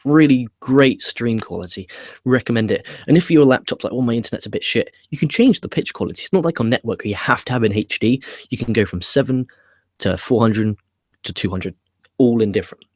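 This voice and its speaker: A man's voice: medium pitch, brisk, darkish tone, no room sound, studio quality. A man hosting a live wrestling review stream, chatting casually and swearing freely as he rambles through viewer comments. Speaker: wrestling review show host. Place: home setup with laptop.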